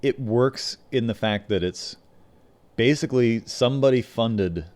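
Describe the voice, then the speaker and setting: A man's voice: mid-range voice, a little slow, darkish tone. A man co-hosting a podcast, casually retelling behind-the-scenes anecdotes about a film, slipping into quoted voices. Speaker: podcast co-host. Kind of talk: casual chat.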